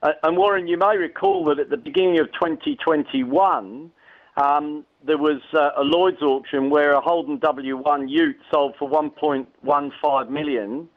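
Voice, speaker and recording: A man speaking as a guest on a radio show by phone, measured and polite as he explains. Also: fairly high pitch, fairly even intonation. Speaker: guest expert. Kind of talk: radio interview over the phone. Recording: tinny phone line.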